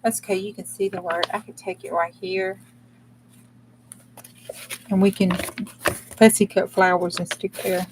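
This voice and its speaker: Against a noisy background, a medium-pitched woman speaks with flat delivery at a measured pace, leaving long pauses. She chats bluntly and casually during a crafting livestream on her channel, folksy in manner and cursing mildly as she works.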